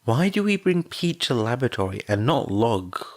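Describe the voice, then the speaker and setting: A man voicing a curious little girl who asks soft questions in a fan audiobook reading. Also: mid-range voice, big pitch swings, moderate pace.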